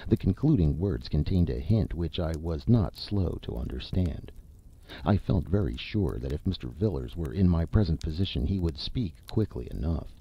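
A man narrating a classic short story as an audiobook reader, with an expressive, measured delivery. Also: rumbling low, vocal fry, husky, lo-fi sound.

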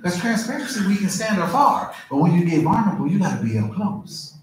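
A middle-aged male pastor preaches with humor and a conversational, lively delivery. His voice sits high and swings widely in pitch. The church hall echoes strongly, with faint noise behind. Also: brisk. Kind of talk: sermon.

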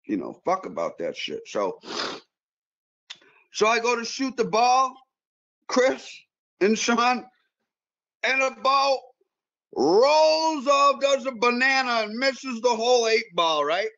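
A man telling a story in casual chat, animated and profane, with frequent repeated words and restarts. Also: very high voice, slow, creaky, pauses often, lo-fi sound. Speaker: guest pool player.

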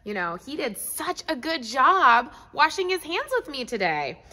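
High, lively preschool teacher woman. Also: a little slow, long reverb tail. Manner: animated, talks to an unseen puppet dog. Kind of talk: children's Bible lesson.

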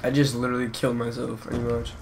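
A man's voice: medium pitch, monotone, quick pace, darkish tone. A man giving casual gameplay commentary who rambles between topics and grows frustrated, swearing at the game. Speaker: gaming channel host.

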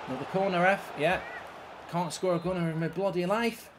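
A man's voice: high voice, fairly quick, background noise. A man streaming a football video game, ranting and swearing at the match and answering his viewers' chat. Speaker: gaming streamer. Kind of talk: live game commentary.

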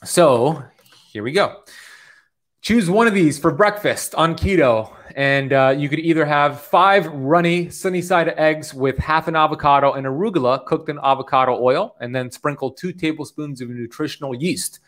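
A man's voice: on the high side, fairly bright tone. A man in his thirties coaching on the keto diet, talking to camera in an upbeat, preachy way, often checking in with "okay?". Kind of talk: motivational talk to camera.

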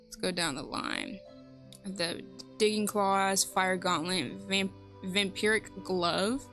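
Woman, unhurried gameplay chatter, thinking aloud, clear music and rain underneath. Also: medium pitch, fairly bright tone. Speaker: let's play host. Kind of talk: casual gameplay commentary.

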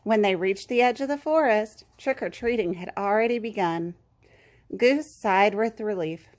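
A woman reading a children's picture book aloud, gently and expressively. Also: mid-range voice, moderate pace. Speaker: children's story reader.

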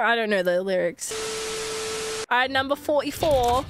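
Excitable high-voiced young woman streamer. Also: moderate pace, background noise. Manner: excitable, shrieks and swears at loot. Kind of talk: excited gaming commentary. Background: background music.

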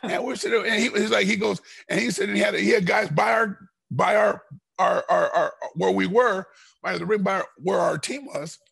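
A middle-aged man, a former fighter, telling a rambling story in a podcast interview and getting loud and heated as it goes. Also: high voice, moderate pace, creaky, breathy edge. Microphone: podcast microphone.

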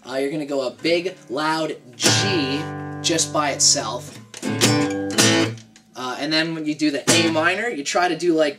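A man giving a casual guitar lesson. He counts beats aloud, chats loosely and keeps checking in with "right?", with his own guitar playing under his speech. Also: fairly high pitch. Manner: chatty and loose, tags explanations with "right?". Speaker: guitar teacher. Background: his own acoustic guitar playing.

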